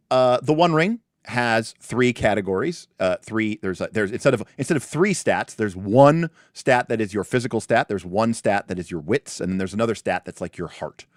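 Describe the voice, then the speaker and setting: A man with a lowish voice hosts a tabletop game livestream, chatting casually as he goes over the rules. He's animated, constantly restarting sentences and wandering into asides, and the audio is dry and studio quality.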